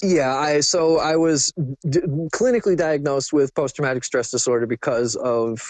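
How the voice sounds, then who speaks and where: A man's voice: on the high side, normal speed, dry recording. A young man telling a personal story candidly, casual and profane, with lots of fillers. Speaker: guest.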